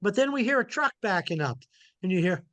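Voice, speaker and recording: Folksy high-voiced male lecturer. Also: sing-song, brisk, sharp tone, dry recording. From Montana. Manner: casual, folksy, repeats key points. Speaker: owl researcher giving a presentation. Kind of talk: informal illustrated lecture.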